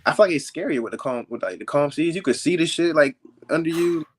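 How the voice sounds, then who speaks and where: A man's voice: a little high, animated, fast, breathy edge. A young man appearing as a podcast guest, talking in a laid-back, slangy way full of filler words. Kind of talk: casual podcast chat.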